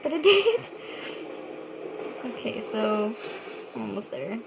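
A young woman chatting excitedly to herself while playing a video game. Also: fairly high pitch, takes it slowly, gravelly. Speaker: gamer. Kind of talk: gameplay commentary. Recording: noisy game audio behind.

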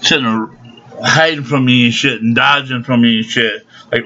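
Ranting older man, bright lo-fi sound. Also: mid-range voice, fairly even intonation, moderate pace. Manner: profane, rambling, aggrieved. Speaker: vlogger. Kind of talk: angry ranting monologue. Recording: dull lo-fi home video sound.

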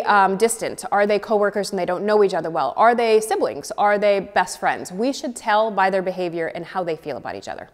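Acting teacher woman in a reverberant hall. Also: medium pitch. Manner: clear, encouraging, conversational. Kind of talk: explaining an exercise to a class.

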